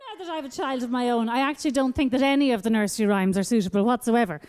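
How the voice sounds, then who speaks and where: Animated high-voiced Irish woman comic. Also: very fast, heavy background noise. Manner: animated, sing-song baby-talk delivery. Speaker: stand-up comedian. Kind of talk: stand-up comedy routine. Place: comedy club stage.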